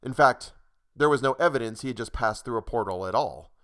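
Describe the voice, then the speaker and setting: A man narrating a short story in a measured, dry reading voice. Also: medium pitch, a bit bright.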